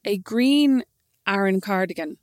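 An Irish woman co-hosting a podcast, chatting casually in an animated, indignant way. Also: mid-range voice, unhurried, dry recording, studio quality. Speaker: podcast co-host. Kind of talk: casual chat.

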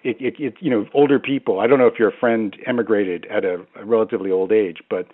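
A man's voice: lowish voice, fairly even intonation, quick pace, phone-quality sound. A man speaking as a language expert on a radio phone-in, hesitant with many restarts and fillers.

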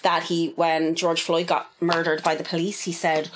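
A woman's voice: on the low side, moderate pace, few pauses. Woman gossiping animatedly. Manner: animated gossipy storytelling, swearing. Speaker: podcast co-host. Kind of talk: casual chat.

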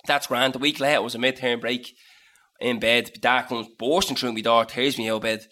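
Bright-voiced Dublin man telling a story. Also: mid-range voice, a little fast. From Dublin, Ireland. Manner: animated, swearing, acts out voices in anecdotes. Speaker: podcast co-host telling a story. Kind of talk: casual storytelling chat.

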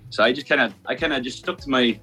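Bright-voiced Irish man, easygoing chat. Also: mid-range voice, fast, husky, faint music behind. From Ireland. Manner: relaxed, rambling, heavy use of "like" and "kinda". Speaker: guest singer. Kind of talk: casual radio interview chat.

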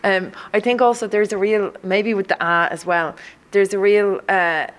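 A woman's voice: medium pitch, steady tone, normal speed. A woman from the Welsh borders, an artistic director, chatting reflectively in an interview with frequent fillers. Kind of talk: casual interview.

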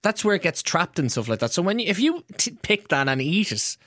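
Sweary podcast host, dry mic. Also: male voice, high voice, sing-song, fairly quick, fairly bright tone, dry recording. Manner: sweary, exasperated asides. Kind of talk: casual banter.

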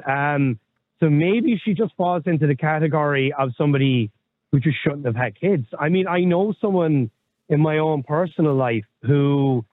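A man's voice: on the high side, no room sound. Man on a tinny line. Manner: rambling, candid, swears casually. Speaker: podcast co-host. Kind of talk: casual chat.

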